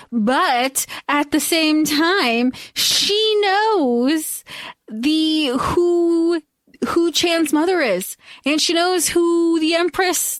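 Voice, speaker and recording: A woman with a bright, high voice retells a film plot for a podcast in a loose, casual chat. She slips into little character voices and swears offhandedly. The sound is close and dry. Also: no room sound. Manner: animated, acts out characters' lines in quick voices, swears casually. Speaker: podcast co-host.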